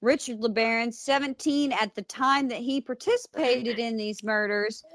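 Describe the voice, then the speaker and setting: A woman's voice: a little high, moderate pace, a bit bright, dry recording, clean studio sound. A woman with an American accent, co-hosting a podcast and recapping a true-crime story in a casual, blunt, conversational way. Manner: conversational, blunt, with fillers and asides. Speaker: podcast co-host.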